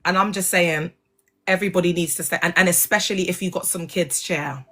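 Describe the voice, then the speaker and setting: A woman's voice: fairly low pitch, steady tone, brisk, sharp tone. A woman hosting a casual livestream, talking animatedly and in slang straight to her viewers. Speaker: livestream host, former church member.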